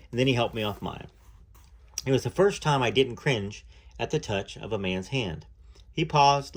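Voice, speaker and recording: Guy reading a story out loud, steady and measured, little asides now and then. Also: lowish voice. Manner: measured, first-person narration with occasional asides. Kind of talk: reading a book aloud.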